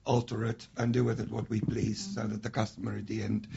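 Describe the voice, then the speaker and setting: A man with a gravelly, very raspy voice speaks as a radio interview guest, measured and explaining with fillers. The recording sounds dull and lo-fi. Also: lowish voice, level tone, mellow. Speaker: guest, business owner.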